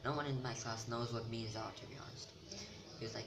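A man's voice: medium pitch, steady tone, fairly quick. A teenage boy vlogging to camera in a rambling, self-mocking chat that keeps losing its thread. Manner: rambling, self-mocking, loses his train of thought. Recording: noisy home recording.

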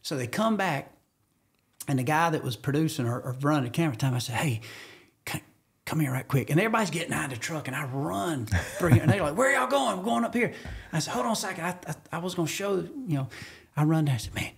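Husky Southern man telling a story. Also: fast talker. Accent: Southern US (Georgia). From Georgia, USA. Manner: excited, acts out quotes with jumps in pitch. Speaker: podcast guest, hunter. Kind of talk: animated storytelling in casual conversation.

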